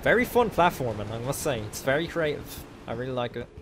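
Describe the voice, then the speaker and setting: A young man giving excitable let's play commentary, swearing a lot at the game. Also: mid-range voice, fairly quick, noisy background. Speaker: gaming video host. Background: game music.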